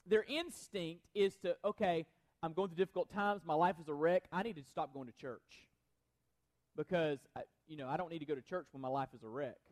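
A man preaching a sermon in an earnest, conversational way, often restarting phrases and asking the congregation if they follow. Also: sits high. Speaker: pastor.

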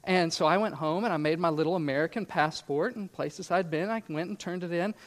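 A man's voice: a little high, fairly quick. Earnest man preaching a sermon. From grew up in Scotland. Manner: earnest, emphatic preaching with rhetorical questions. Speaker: pastor.

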